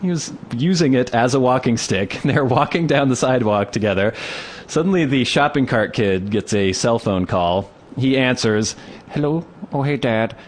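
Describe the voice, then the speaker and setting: A man co-hosting a casual podcast, telling a story with lively, acted-out quotes. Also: medium pitch, moderate pace, a little hiss or hum. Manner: animated storyteller acting out quoted voices. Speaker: podcast co-host. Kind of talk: casual chat, comic storytelling. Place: Pacific Northwest town.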